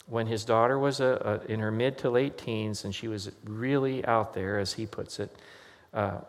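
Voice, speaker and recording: Male pastor, conversational sermon storyteller, middle pitch, recorded in a reverberant church hall. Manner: conversational storytelling with quoted voices.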